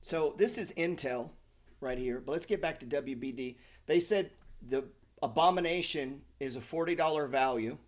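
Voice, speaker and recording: A man's voice: mid-range voice, moderate pace. A middle-aged man hosting a casual stock market show, talking bluntly and sarcastically, with profanity and mock self-pity. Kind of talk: casual livestream talk.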